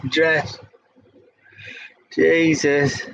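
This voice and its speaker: A man's voice: on the high side, little pitch movement, extremely slow, vocal fry, a bit bright, lo-fi sound. A young man with a Devon accent hosting a casual pub quiz, laughing and swearing as he stumbles over the questions. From England. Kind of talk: casual quiz-reading chat.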